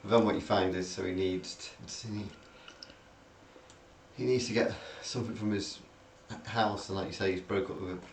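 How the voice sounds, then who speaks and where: This man co-hosts a laid-back movie podcast, recounting the story haltingly with plenty of fillers and false starts. His voice is lowish with fairly even intonation and a moderate pace, picked up by a distant mic in a roomy space with a little background noise.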